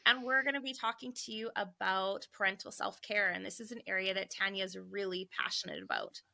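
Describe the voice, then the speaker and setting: A middle-aged woman co-hosting a parenting podcast, telling a story in a lively casual way with fillers. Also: mid-range voice, a little fast, gravelly. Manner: animated storyteller with filler words. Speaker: podcast co-host and psychologist.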